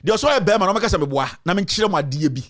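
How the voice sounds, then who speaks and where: High-pitched Ghanaian man ranting. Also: animated, racing, fairly bright tone. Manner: repetitive, accusatory, emphatic; mixes in another language. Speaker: commentator. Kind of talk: heated political rant.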